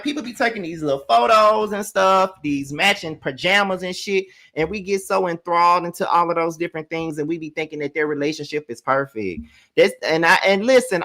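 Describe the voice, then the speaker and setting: A man hosting a live review of a reality show, talking bluntly and profanely in animated rants that climb to shrill exclamations when he gets worked up. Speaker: reality TV recap host.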